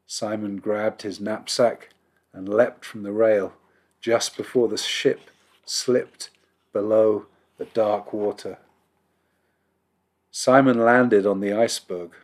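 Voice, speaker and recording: Man reading a children's story aloud. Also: on the low side. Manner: measured, expressive read-aloud. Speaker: rabbi. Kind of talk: storybook narration.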